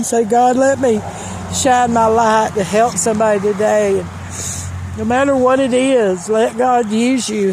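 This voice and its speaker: A woman's voice: a little high, mellow, slight background noise. A middle-aged woman sharing a personal testimony and Christian encouragement, earnest and storytelling, repeating phrases for emphasis. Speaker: Christian vlogger.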